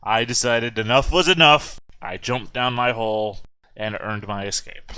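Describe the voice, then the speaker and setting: A man's voice: medium pitch, normal speed, pushed and bright, smooth, dry recording. A man playing in a tabletop game, arguing back in indignant banter. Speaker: player. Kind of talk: casual tabletop game play.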